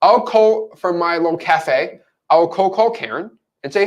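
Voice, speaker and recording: A man's voice: high voice, measured pace. A man coaching viewers on real estate wholesaling in a casual teaching monologue, acting out example phone calls. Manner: animated, acts out scenes.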